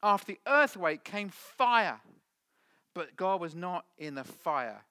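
A man preaching a sermon to a congregation, with dramatic swings from loud to hushed. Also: high-pitched, sing-song, slow, smooth. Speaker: pastor. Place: church hall with audience.

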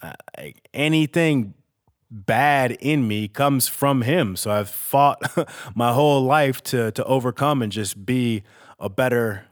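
A man's voice: mid-range voice, slow pace. A man hosting a podcast, talking in a candid, rambling, emotional monologue and swearing freely. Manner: emotional and reflective. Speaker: podcast host. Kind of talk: casual spoken monologue.

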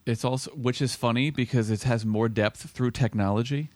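A man's voice: mid-range voice, steady tone, normal speed, a little mellow, no room sound. A man co-hosting a podcast over a video call, chatting in a playful, digressive way. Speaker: podcast co-host. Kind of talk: casual podcast chat.

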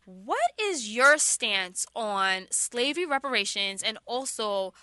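Woman talk radio host, bright voice, dry studio sound, chatty. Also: fairly high pitch, very animated, slow, no echo. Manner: chatty, laughs often.

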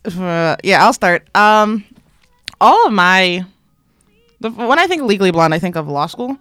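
A woman's voice: mid-range voice, animated, unhurried, fairly bright tone, clean tone, no room sound, clean studio sound. A young woman chatting casually as a podcast co-host, laughing easily and trailing off mid-sentence.

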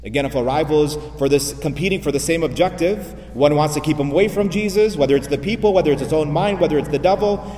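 A man's voice: a little high, fast talker, hardly any pauses, warm tone, far from the mic. A man, a priest, preaching a sermon, repeating phrases and asking rhetorical questions. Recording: echoey hall, voice from afar.

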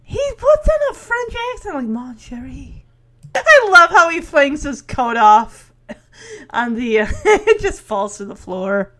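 A woman's voice: very high-pitched, big pitch swings, unhurried, a bit bright. Giggly woman recapping a show. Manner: chatty and giggly, laughs often. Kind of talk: casual recap chat.

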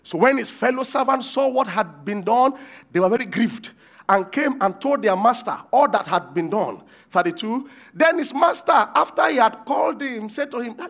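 Male preacher with a very high voice who quizzes the room and acts out the verses. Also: animated, normal speed. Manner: quizzes the congregation, acts out quoted lines with shouts. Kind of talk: sermon with call-and-response.

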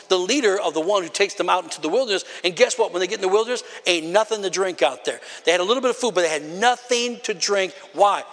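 A man delivers a fiery sermon in a strikingly high, bright voice, shouting out his points and calling for answers from the pews. His words echo with a long tail through a large church hall. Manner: emphatic, often shouting, calls on the congregation. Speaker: preacher.

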